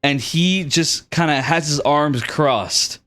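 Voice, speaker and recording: Man, game master, somewhat high voice, casual, slangy, halting. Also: fairly bright tone. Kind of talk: narrating a tabletop game.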